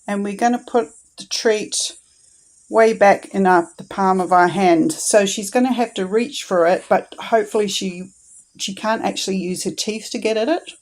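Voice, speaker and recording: A woman in a casual instructional vlog, talking calmly and patiently and encouraging her dog as she trains it. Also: medium pitch, normal speed, low-quality recording.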